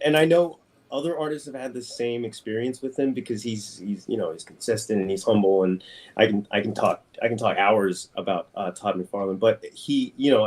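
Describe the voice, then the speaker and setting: Animated man telling a story. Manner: animated storyteller, acts out quotes in a higher voice. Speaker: guest artist. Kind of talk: casual interview storytelling.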